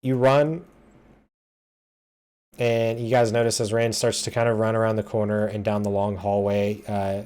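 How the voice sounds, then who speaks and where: Man, game master, low voice, relaxed, hesitant narration. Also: normal speed, long pauses.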